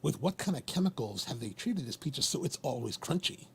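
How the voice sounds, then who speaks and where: A man from Maryland, USA hosts a live stream, his medium-pitched voice brisk and edged with vocal fry over slight background noise. He chats casually and rambles, repeating phrases in a lively, talkative way.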